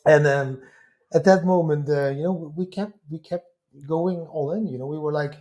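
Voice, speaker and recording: Dutch guy, fairly high warm voice, tells his story with lots of restarts. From Netherlands. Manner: animated storyteller, many quick restarts. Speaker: guest. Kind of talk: storytelling interview answer.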